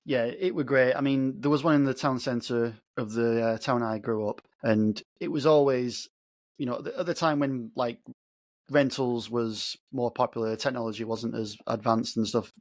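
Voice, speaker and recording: A man's voice: medium pitch, steady tone, moderate pace, dry recording, studio quality. A man, co-hosting a casual podcast in an easygoing, loose way. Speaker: podcast co-host.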